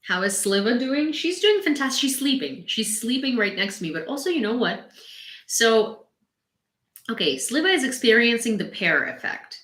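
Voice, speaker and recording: A young woman with a Ukrainian accent chats casually on a live stream, laughing often. Her voice is bright and forceful. The room around her echoes. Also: on the high side, big pitch swings, normal speed. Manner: chatty, laughs often, talks to her dog. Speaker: host of a live news stream. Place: home room.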